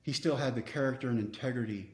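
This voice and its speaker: A man's voice: medium pitch, quick pace, roomy sound. Earnest man telling stories. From Texas. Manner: earnest, reflective storyteller. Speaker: guest speaker. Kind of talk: storytelling interview.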